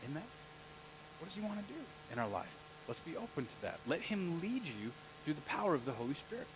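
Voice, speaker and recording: A man's voice: a little high, very animated, a little fast, noisy background. A male pastor preaching a conversational sermon in a church and asking the congregation questions as he goes.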